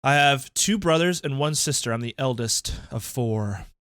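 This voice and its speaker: A young man with a mid-pitched voice co-hosts a relaxed podcast conversation. He gets animated and often jumps up in pitch when something excites him. His voice sounds dry and close to the mic. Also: moderate pace, smooth, dry recording. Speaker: podcast co-host. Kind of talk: casual chat.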